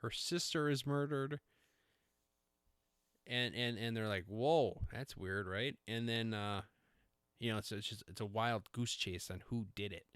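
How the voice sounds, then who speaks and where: A man's voice: mid-range voice, steady tone, measured pace, pauses often, a bit bright, clear, resonant tone, no room sound, clean studio sound. A middle-aged man hosting a podcast, talking in a rambling, self-interrupting, jokey way. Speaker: podcast host. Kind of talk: casual rambling monologue.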